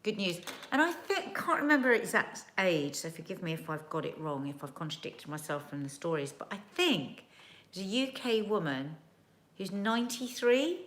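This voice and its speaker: A woman's voice: mid-range voice, a bit bright. A woman hosting a casual livestream from home, reading viewer comments aloud in a chatty, earnest and emotional way.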